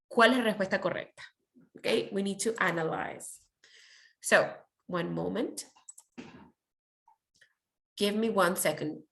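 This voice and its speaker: Casting: woman teacher, encouraging and quick with praise, mid-range voice, runs an online class. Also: mid-range voice, a bit bright. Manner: encouraging, praises often, switches to Spanish. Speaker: English teacher.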